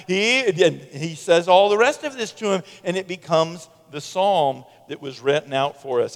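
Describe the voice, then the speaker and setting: A middle-aged man preaching a sermon as pastor, telling stories in an animated way and acting out quotes. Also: sits high, normal speed, few pauses. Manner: animated storytelling, acts out quotes. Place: church sanctuary. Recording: long church reverb.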